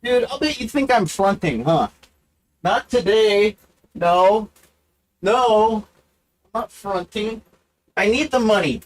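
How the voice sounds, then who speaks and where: Slow, rambling, swooping-voiced man. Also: lively intonation. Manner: profane, self-mocking, wandering talk; wide sudden pitch swings. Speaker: livestream host. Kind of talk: rambling casual monologue.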